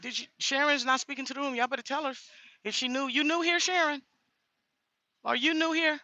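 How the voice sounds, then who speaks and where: A woman's voice: sits high, fairly even intonation, fairly quick, bright, forceful tone, no room sound, lo-fi sound. A woman talking straight to her viewers in a casual vlog, blunt and indignant. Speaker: vlogger.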